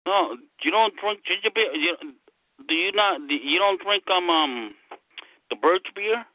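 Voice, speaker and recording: A man's voice: high-pitched, expressive, unhurried, narrow, tinny audio. A man chatting on an online group call, rambling and joking with the others. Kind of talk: casual group chat.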